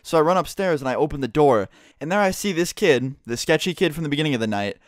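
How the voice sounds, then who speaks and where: Young male vlogger, rapid profane storytime delivery, dry close sound. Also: fairly high pitch, expressive, no echo. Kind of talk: casual storytime.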